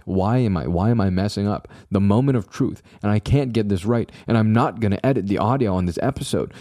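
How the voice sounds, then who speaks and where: A young man with a low, mellow voice talks alone into his podcast mic, rambling from thought to thought with jokey, self-deprecating asides to his few listeners. The sound is close and dry. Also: fast, few pauses, no echo. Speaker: podcast host. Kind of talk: casual solo podcast monologue.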